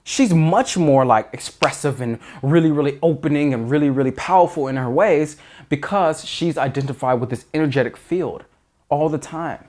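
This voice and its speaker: Earnest dating coach, man, fairly high voice. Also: normal speed, darkish tone. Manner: earnest, emphatic, restarts mid-sentence. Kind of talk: advice monologue.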